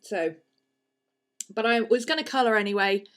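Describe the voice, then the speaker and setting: A woman's voice: on the high side, expressive, normal speed, a bit bright, clean tone. A woman hosting a casual live stream from her desk at home, congested with a sniffly head cold and chatting in a rambling way. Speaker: livestream host and art teacher.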